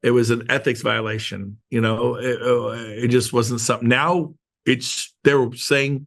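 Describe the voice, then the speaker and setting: A middle-aged man coaching a group over a video call, with a gravelly edge to his voice. He talks emphatically and repeats his points, firing questions at his listeners. His pitch sits in the ordinary middle range. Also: fairly even intonation, moderate pace, a bit bright. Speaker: host of an online real estate training call.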